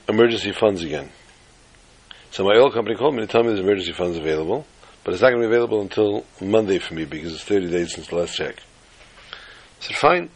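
In a rough recording, a storyteller with a lowish voice casually tells a folk tale. He rambles and pokes fun at himself, stumbling and repeating words as he goes.

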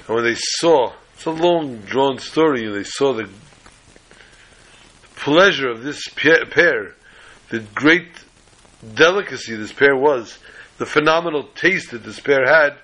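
A man teaching a class over a video call, telling a story slowly and adding corny jokes. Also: medium pitch, sharp tone, rough recording.

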